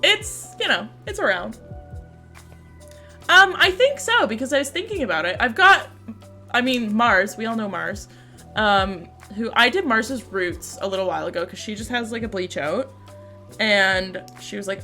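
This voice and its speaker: Lively, bright-voiced young woman streamer. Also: a little high, normal speed, faint music behind. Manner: giggly, chatty, bursts into shrieking laughter. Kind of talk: casual stream chat.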